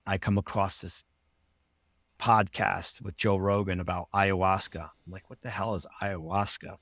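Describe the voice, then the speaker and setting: A man's voice: low-pitched, level tone, moderate pace, fairly bright tone, no echo. A man who works as a life coach, telling a personal story as a podcast guest, earnest and rambling, acting out his past thoughts in quotes.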